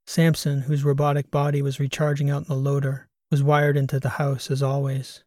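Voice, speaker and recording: Guy reading a sci-fi audiobook, mellow and even, dry close sound. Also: medium pitch, fairly quick, no room sound. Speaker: audiobook narrator. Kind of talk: scripted narration.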